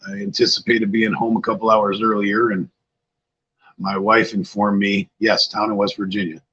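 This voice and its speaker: A man's voice: lowish voice, level tone, normal speed, a bit bright, slightly rough, highs cut off. An older man hosting a casual livestream, tired and a bit scatterbrained, chatting loosely with viewers. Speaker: livestream host. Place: outdoors-like spot at home.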